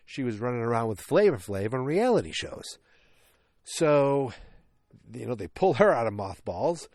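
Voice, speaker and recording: A man at a middle pitch talks casually on a movie podcast. He rambles, jokes and corrects himself often. The sound is close and dry, with no room to it. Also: a little mellow, dry recording. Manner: rambling, self-correcting, joking asides. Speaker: podcast host.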